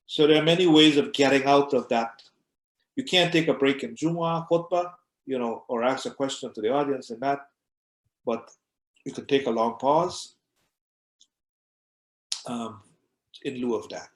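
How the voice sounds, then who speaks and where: A man's voice: mid-range voice, moderate pace, pauses often. A man, an imam, teaching a class in a conversational way, often repeating words as he goes and acting out short examples. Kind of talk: conversational lecture. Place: mosque classroom. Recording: echoey room.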